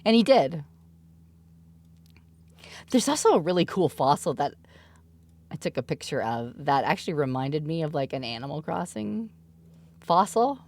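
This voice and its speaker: A woman's voice: low voice, very animated, moderate pace, long pauses, a little mellow. A woman in her thirties, a mother streaming, chatting casually and giggling often as she tells stories. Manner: giggly, laughs often while telling stories. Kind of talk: casual chat.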